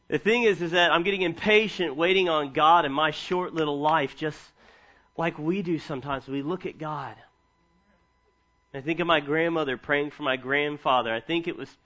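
A man's voice: a little high, muffled recording. A man in his thirties preaching a sermon, reading scripture and telling funny stories from family life. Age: 30s. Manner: animated storytelling with humor. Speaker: pastor.

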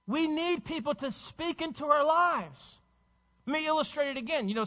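High, bright-voiced preaching man. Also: fairly quick, long reverb tail, muffled recording. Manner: urgent, exhorting preacher with rhetorical questions. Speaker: pastor. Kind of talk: sermon.

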